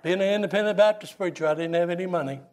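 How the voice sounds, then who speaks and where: An older man, a Baptist pastor preaching a sermon and telling folksy, animated stories. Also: sits high, very fast. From Southern US. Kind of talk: sermon with storytelling.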